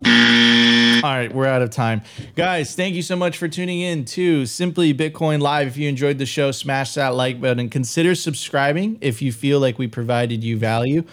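Male live-stream host, mid-pitched, upbeat and hypey, loose with restarts. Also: normal speed, fairly bright tone. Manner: upbeat, hype-style sign-off with frequent restarts. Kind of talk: casual live-stream chat.

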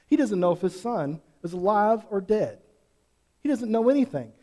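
A man's voice: high voice, very animated, normal speed, mellow. A pastor preaching an earnest sermon to his congregation, pressing them with repeated questions. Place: church sanctuary. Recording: long hall reverb.

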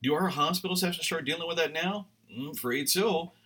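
Talk host: rambling male storyteller, tense bright tone, set back from the mic. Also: fairly high pitch, a little fast, slightly rough, distant mic. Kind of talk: casual commentary monologue.

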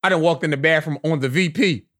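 A young man, talking quick and slangy and asking his friends questions. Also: on the high side, fairly bright tone. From Philadelphia. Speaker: podcast co-host. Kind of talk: casual chat among friends.

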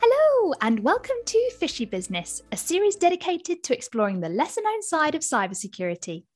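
A woman with a high, lively voice that rises and falls a lot, co-hosting a podcast. She asks questions in a bright, friendly way, and the pitch swings widely. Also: brisk, faint music behind. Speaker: podcast co-host. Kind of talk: scripted podcast hosting and interviewing.

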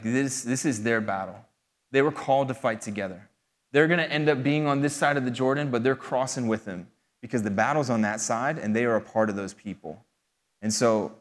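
A man delivers a sermon in a relaxed, chatty manner, often pausing with fillers as he works through a passage. His voice sits at an ordinary pitch for a man. The sound carries a long reverb, as if recorded in a church hall. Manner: casual conversational preaching with fillers. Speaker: pastor.

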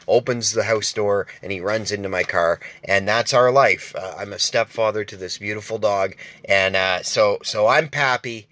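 A man's voice: on the low side, sharp tone, no echo. Rambling, profane male host. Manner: rambling and profane, with many restarts and asides. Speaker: podcast host. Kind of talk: casual storytelling monologue.

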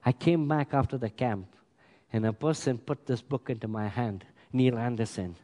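A man preaching a sermon as pastor, emphatic, swinging between loud bursts and quiet asides. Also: mid-range voice, moderate pace. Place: large church hall. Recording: long hall reverb. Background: congregation.

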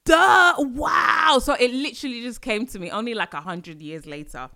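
A woman from London with a London accent, hosting a casual solo podcast, chatty and animated with sudden exclamations. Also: mid-range voice, a little fast, raised voice. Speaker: podcast host.

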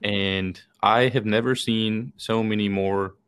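A man's voice: lowish voice, fairly even intonation, takes it slowly, fairly bright tone, smooth. A young man from Texas, co-hosting a podcast and telling rambling, swear-laden stories full of fillers. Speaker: podcast co-host. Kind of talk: casual chat.

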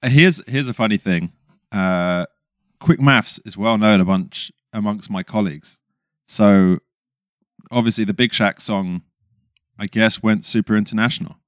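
Self-deprecating man, smooth low voice. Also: a little slow, no echo, studio quality. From England. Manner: self-deprecating, laughs often. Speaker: podcast guest. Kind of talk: casual chat.

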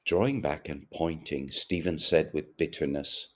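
A man narrating a literary novel as an audiobook, measured and deliberate. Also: rumbling low.

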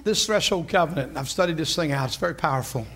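A male preacher delivering a sermon in an animated, folksy manner, laughing often. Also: a little high, fast.

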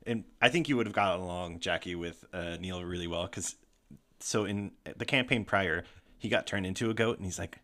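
A man hosting a casual podcast chat, retelling a tabletop game story in an animated way, swearing freely. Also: low-pitched, a little fast. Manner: animated, swearing, breaks into laughter.

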